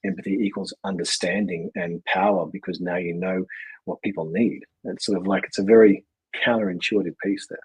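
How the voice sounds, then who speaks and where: A man's voice: sits low, fairly even intonation, fairly quick, breathy edge, rough recording. A man guesting on a podcast, talking reflectively and rambling with restarts. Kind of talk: casual conversation.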